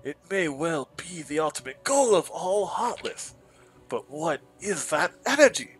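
A man voicing an excited male scholar reading his research journal aloud, in a British accent with dramatic, wondering delivery. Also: on the high side, unhurried, husky, soft background music, pitched above the performer's own voice, full character voice, poor audio. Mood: musing.

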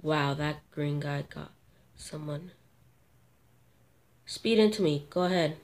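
A woman commentating her own gameplay, excitable and gasping at sudden moments, thinking aloud and talking to viewers. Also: low-pitched, slow pace, noisy background. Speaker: gamer.

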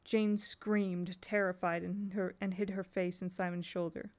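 Woman reading aloud in a flat, gravelly voice. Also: lowish voice. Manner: even, unhurried storytelling with small restarts. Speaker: audiobook reader. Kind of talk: amateur audiobook reading.

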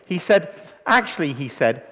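A man's voice: on the high side, normal speed. A man in his fifties preaching a sermon to a live audience, telling stories and acting out the dialogue. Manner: animated storytelling, acting out dialogue. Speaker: evangelist preacher. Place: church hall with a live audience. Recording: long reverb in a hall.

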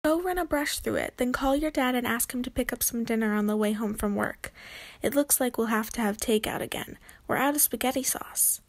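A woman doing a brisk, fussy storybook mom. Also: fairly high pitch, lightly acted. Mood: briskly distracted. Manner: brisk, fussy, shrieks at the mouse. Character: busy distracted mother, fussy about mice. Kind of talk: storybook read-aloud.

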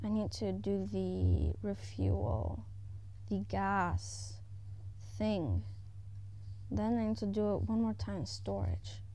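A woman at home giving casual, excitable commentary as she plays a video game. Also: medium pitch, takes it slowly, creaky. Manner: excitable, exclaiming often, chatting to herself. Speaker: gaming YouTuber. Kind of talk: casual let's-play commentary.

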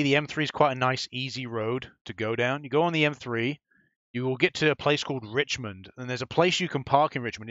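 A man's voice: mid-range voice, fairly bright tone, no room sound. A man rambling casually through a let's-play commentary, swearing now and then. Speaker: gaming YouTuber. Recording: dull lo-fi mic, faint music behind.

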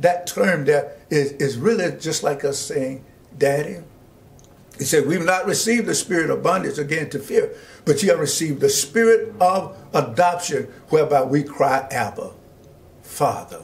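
A man pastor teaching a Bible study, slowly reading scripture aloud and preaching with rising emphasis and asides to his listeners. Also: on the high side. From Georgia, US.

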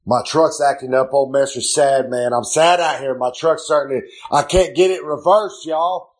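A man's voice: medium pitch, moderate pace. A man rambling loosely through a comic podcast segment from his home kitchen, talking about himself in the third person. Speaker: wrestler hosting a recurring podcast segment.

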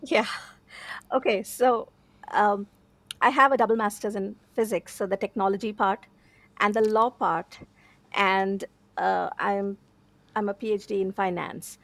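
Woman founder on a video call, a bit of vocal fry, dry close sound, short plain answers. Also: mid-range voice, fairly even intonation, unhurried, long pauses, fairly bright tone, no echo. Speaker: startup founder.

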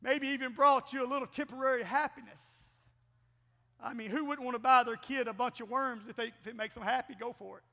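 A middle-aged man preaching a folksy, animated Pentecostal sermon as pastor in a church. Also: very high-pitched, a little fast, vocal fry. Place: church sanctuary. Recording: long church-hall reverb.

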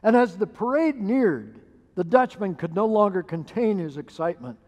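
Male pastor, high pitch, slow delivery, sermon in a reverberant church. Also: animated, darkish tone. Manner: measured storytelling with hesitant fillers. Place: church sanctuary.

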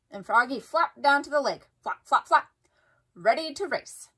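A woman reads a children's picture book aloud in a high voice that swoops up and down. She is expressive and sing-song, acting out each sound effect with relish. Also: a little slow. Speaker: children's story reader. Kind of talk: storybook read-aloud for kids.

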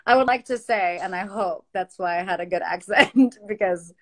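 A woman's voice: medium pitch, normal speed. A woman co-hosting a casual live stream from her phone, telling stories with frequent laughter. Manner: chatty, laughs often while storytelling. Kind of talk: casual chat.

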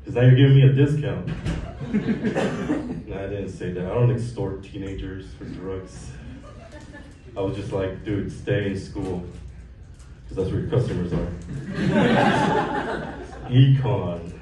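Deep-voiced and slow, pausing often, a Mexican man in his thirties spins profane, deadpan stories onstage at a comedy club. It's captured from afar, so the room echoes, and laughter and ambient noise fill the background.

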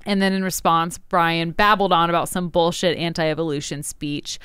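A young Tennessee woman co-hosts a casual chat podcast, recapping history with sarcastic asides and laughs as she tells the story. Her voice is on the low side and fairly bright, with little pitch movement and a moderate pace, in a clean, dry studio recording.

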